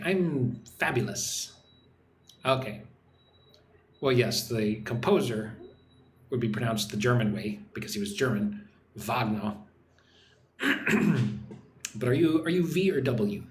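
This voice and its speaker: A man from Texas hosting a live online English lesson, reading out viewers' chat comments and explaining words slowly, often checking in with "right?". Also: mid-range voice. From Texas, United States. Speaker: English teacher hosting a livestream. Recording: roomy echo with faint background noise.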